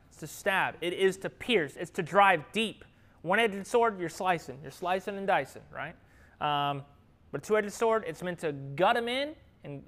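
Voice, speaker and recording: A man preaching a sermon in an easy conversational way, throwing questions out to the congregation. His voice swings between bright raised lines and soft reflective ones. He laughs easily and keeps the tone friendly. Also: a little high. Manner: lively, asks the room questions, laughs easily.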